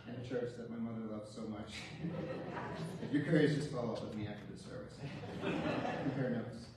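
A man's voice: medium pitch, steady tone, normal speed, noisy background. A man giving a eulogy for his father in a church, telling humorous stories with a wry, chuckling manner. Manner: wry storytelling with light chuckles. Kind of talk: funeral eulogy with humorous anecdotes. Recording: very echoey church, distant mic.

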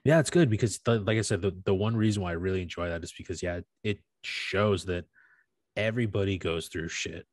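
Young male podcast co-host, low pitch, dry close mic, casual swearing storyteller. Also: brisk, dry recording. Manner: animated storytelling, swears freely, laughs often. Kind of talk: casual chat.

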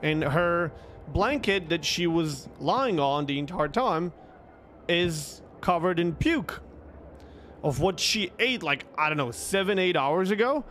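High-voiced man telling a swearing-laden story. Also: slow pace, slight background noise. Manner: animated, swears freely, lots of restarts. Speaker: streamer telling stories. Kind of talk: casual storytelling.

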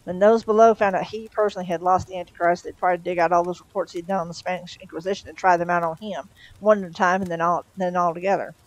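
A woman reading a comic novel aloud, steady, with small slips and restarts. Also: fairly low pitch, fast, low-quality recording. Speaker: storyteller.

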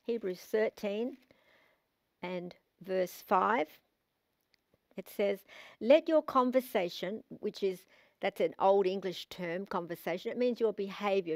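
A middle-aged woman with an Australian accent preaching a sermon, reading scripture aloud and slowing down to stress key phrases with emphatic repetition. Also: medium pitch, darkish tone, no room sound.

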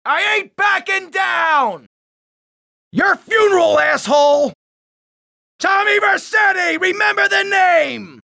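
A man's voice: very high-pitched, lively intonation, drawn-out words, long pauses, bright, forceful tone, full character voice. An actor playing a hot-tempered middle-aged male gangster in a video game, barking short hostile taunts. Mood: shouting rage. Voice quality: gravelly, menacing. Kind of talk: game voice lines.

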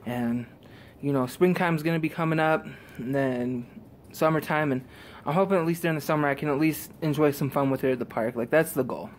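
A man recording a casual vlog outdoors in a driveway, out of breath and talking in halting, quiet, earnest phrases. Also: fairly high pitch, a little hiss or hum. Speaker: vlogger. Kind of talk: casual vlog talk to camera.

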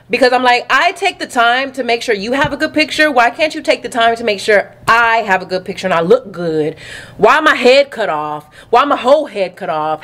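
In her closet at home, a young Southern US vlogger talks casually to her viewers, sassy and chatty, calling them "y'all" and "honey." Her voice is fairly high and fairly bright.

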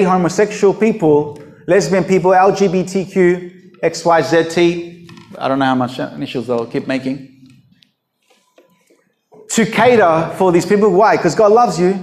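A man's voice: fairly high pitch, a little mellow, roomy sound. A man preaching an unscripted sermon in a blunt, emphatic way, throwing out rhetorical questions.

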